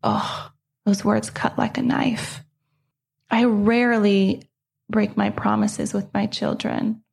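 A woman's voice: mid-range voice, level tone, slow, creaky, a little mellow, breathy edge. A middle-aged woman hosting her own podcast, telling a personal story in an earnest, reflective way. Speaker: podcast host.

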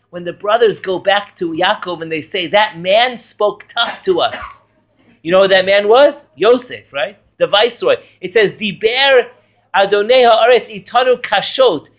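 A high-pitched male rabbi teaches an animated Torah class, firing questions at his students and teasing them with jokes. The recording sounds dull and lo-fi. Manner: lively, quizzing students, joking.

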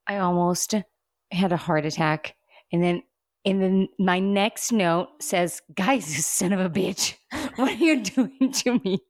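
A woman co-hosting a casual recap chat about a TV episode, playful and joking with quick quips. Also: medium pitch, a little mellow, dry recording, clean studio sound. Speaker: podcast co-host.

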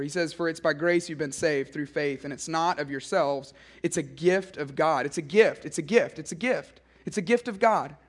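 High-voiced man preaching with emphasis. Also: a bit bright. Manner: earnest and emphatic, with repeated phrases. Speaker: speaker at a student summer gathering. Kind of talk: preaching a sermon.

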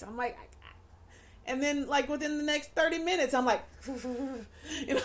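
A woman's voice: high-pitched, unhurried. A woman in her forties hosting a podcast, chatting candidly and telling stories with laughter. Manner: candid, laughing, animated storyteller. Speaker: podcast host. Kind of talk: casual chat.

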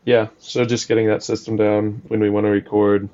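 A young man co-hosting a casual podcast chat, speaking in an even, flat tone that hides his jokes. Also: fairly low pitch, fairly quick, lo-fi sound. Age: young adult. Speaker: podcast co-host.

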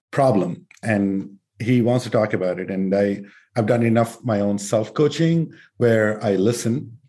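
A man hosting a conversational interview, relaxed and joking as he tells a personal story. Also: lowish voice. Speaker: interview host.

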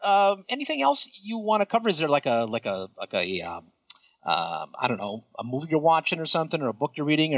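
Male podcast co-host, casual chat, halting and repetitive delivery, dull dry lo-fi sound. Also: mid-range voice, fairly bright tone, no room sound. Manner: hesitant, repeats words while thinking.

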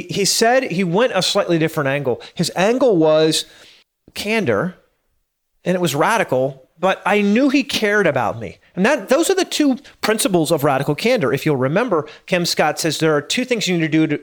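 Brisk and very animated, a man in his late thirties runs through a casual motivational monologue in a voice on the high side. He's earnest, stammers and repeats himself as he gets worked up, and laughs at himself from time to time.

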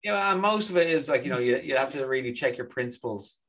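Easygoing guy on a podcast, mid-pitch voice, dry jokes. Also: lively intonation, fast talker, fairly bright tone. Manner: laid-back, agreeable, dry humor. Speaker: podcast co-host. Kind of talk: casual chat.

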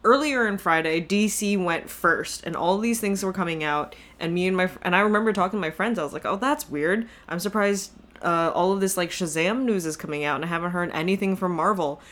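A woman's voice: fairly low pitch, a little fast, a bit bright. A woman co-hosting a podcast in casual chat, rambling with asides and frequent laughs. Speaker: podcast co-host.

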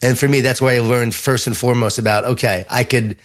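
Man, Long Island accent, middle-aged, interview guest, animated storyteller, medium pitch. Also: quick pace. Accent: Long Island New York. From Long Island, New York. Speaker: author and leadership speaker.

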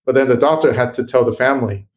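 Earnest man telling a story haltingly. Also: medium pitch, a little hiss or hum. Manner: earnest, halting with frequent ums and restarts. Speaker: guest, computational biologist. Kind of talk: interview storytelling.

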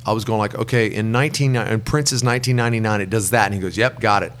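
A man's voice: fairly low pitch, quick pace, slight background noise. A middle-aged man, a songwriter guest, telling long rambling anecdotes and acting out the people he quotes. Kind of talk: relaxed storytelling in an interview.

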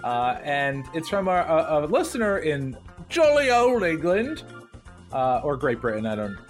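A man co-hosting a podcast in loose, joking chat. His voice sits a little high and swings widely in pitch as he talks. Faint music plays underneath. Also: big pitch swings, a little slow. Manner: jokey, reads listener reviews aloud with mock accents. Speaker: podcast co-host.

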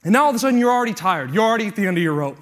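Male pastor, very high pitch, breathless, earnest sermon cadence that builds. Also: animated, racing, background noise. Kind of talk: sermon with a live weightlifting illustration.

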